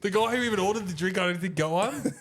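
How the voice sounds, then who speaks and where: A man's voice: high voice, quick pace, fairly bright tone. A man co-hosting a podcast, telling a rowdy night-out story, laughing often, swearing freely and acting out what others said. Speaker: podcast co-host. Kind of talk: casual storytelling chat.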